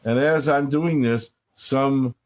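An older man speaks in an earnest, storytelling way, often slowing down to lean on his key points. His voice sits at a middle pitch for a man, and he talks like a rabbi sharing reflections in a conversation. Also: steady tone, darkish tone. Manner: earnest, storytelling, slows for emphasis. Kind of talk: reflective interview talk.

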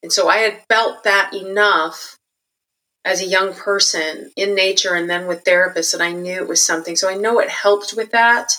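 A middle-aged woman telling her life story candidly and reflectively, growing animated when she quotes others. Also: medium pitch, normal speed, low-quality recording. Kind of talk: personal storytelling interview.

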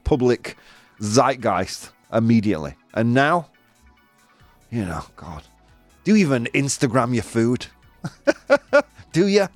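Male host, casual news chat, lively up-and-down voice, dry close sound, faint music underneath. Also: medium pitch, dry recording. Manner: chatty, laughing, jokey asides.

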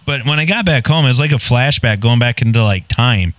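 A man's voice: medium pitch, lively intonation, brisk, fairly bright tone, dry recording. A man casually telling a long anecdote, blunt and profane and poking fun at himself. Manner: blunt, profane, self-mocking. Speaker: podcast guest telling a story. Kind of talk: casual storytelling.

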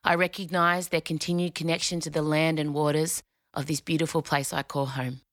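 An Australian woman reading a formal acknowledgement slowly and solemnly. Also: sits low, level tone, no room sound, clean studio sound. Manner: slow, solemn. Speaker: podcast host. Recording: soft music underneath.

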